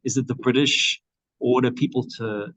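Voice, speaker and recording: A man's voice: mid-range voice, fairly even intonation, normal speed, fairly bright tone, no echo. A man chairing an academic seminar and giving comments, hesitant, with many fillers and restarts. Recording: dry, dull lo-fi sound.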